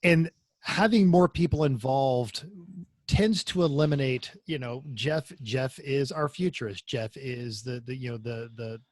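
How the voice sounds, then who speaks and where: A man's voice: medium pitch, a little slow, no room sound, clean studio sound. A man co-hosting a casual racing podcast, rambling and jokey, often repeating words. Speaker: podcast co-host. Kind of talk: casual chat.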